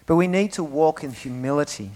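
A man delivers a sermon in a voice sitting a little above the usual male pitch. He punches out key words loudly and then falls back to quiet, reflective asides. He often turns to his listeners with direct questions. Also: lively intonation, a little fast. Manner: emphatic, swinging between loud stresses and quiet asides; speaks to the congregation directly with rhetorical questions. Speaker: pastor.

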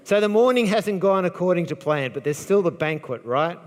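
A man's voice: high-pitched, lively intonation, normal speed, long reverb tail. A man preaching a sermon, retelling a Bible story with drama and acting out the quoted lines.

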